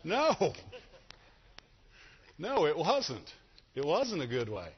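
A middle-aged man preaching to a church congregation, husky and slightly raised in pitch. He talks slowly and swings his pitch a lot, asking the room questions as he goes. The recording sounds dull and rings with long hall reverb. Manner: animated, asks the congregation questions. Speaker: pastor. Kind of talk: sermon.

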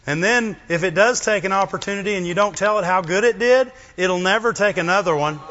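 A man delivers an animated sermon in a bright, forceful voice that is slightly high for a man. He keeps checking in with the congregation through quick questions, and the recording sounds dull and lo-fi.

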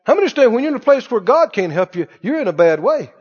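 A man's voice: extremely high pitch, very animated, rapid-fire, darkish tone, breathy edge. A male pastor preaching a sermon emphatically, with call-and-response questions to the congregation. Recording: dull echoey church recording.

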